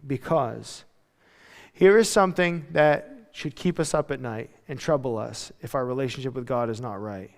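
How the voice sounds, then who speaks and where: A man preaching a sermon as pastor, conversational and animated, slipping into playful voiced asides. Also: fairly high pitch, in a large hall. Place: church sanctuary.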